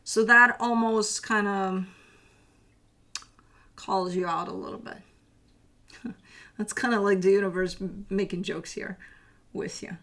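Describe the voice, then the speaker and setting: A woman's voice: mid-range voice, fairly even intonation, a little slow, long pauses, pushed and bright. A woman giving a casual tarot reading, chatty and loose, swearing now and then and slipping into teasing asides. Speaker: tarot reader.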